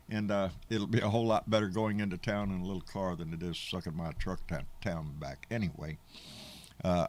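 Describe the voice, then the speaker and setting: A man's voice: lowish voice, a bit bright. A middle-aged man, hosting a casual livestream in a rambling, folksy, profane way and answering viewers' comments. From Texas. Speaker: livestream host.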